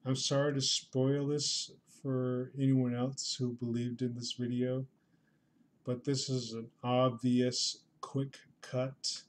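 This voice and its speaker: A man's voice: medium pitch, level tone, takes it slowly, a little hiss or hum. A man casually commenting on a livestream, with a dry and unimpressed manner, sighing and muttering as he reacts.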